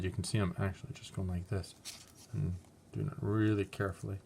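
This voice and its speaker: A man's voice: deep voice, little pitch movement, brisk, vocal fry, heavy background noise. A man teaching an online art class in a chatty, encouraging, playful way. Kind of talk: online craft lesson.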